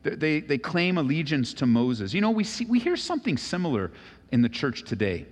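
Brief: male pastor, lively pitch, sermon delivery, big echoing church hall. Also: brisk. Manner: animated, acts out voices of Bible figures. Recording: long reverb of a large hall.

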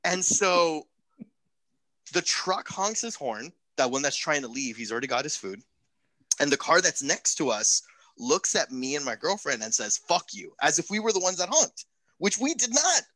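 A young man casually telling a profane, animated story on a podcast. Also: fairly high pitch, normal speed, no echo.

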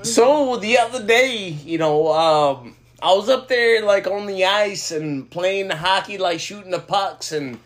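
A man doing a jolly hockey-loving Minnesotan dude, high voice swooping all over, slow folksy drawl, calls everyone bud. The podcast banter makes it a broad comic put-on. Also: lively intonation, a bit bright. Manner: folksy, drawn-out, peppered with "bud" and "you know". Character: jolly Upper Midwest hockey-playing guy, man.

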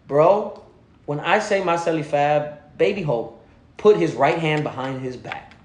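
Animated man telling stories in a roomy echo. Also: a little hiss or hum. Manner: animated, profane slang, laughs through funny parts; drops low and quiet when quoting others. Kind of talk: casual storytelling chat.

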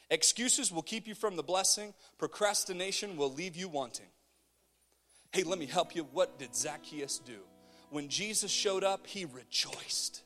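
A male pastor preaching a sermon in a church, swinging from loud shouting to low, quiet asides. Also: animated, normal speed, faint music behind.

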